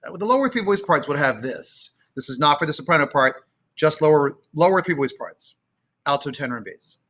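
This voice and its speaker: A man teaching a choir, talking casually and singing out phrases slowly to show how they go. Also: on the high side, animated, sharp tone. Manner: sings and chants phrases slowly to demonstrate; conversational with fillers. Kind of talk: choral rehearsal instruction. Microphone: camera, sometimes moving off it.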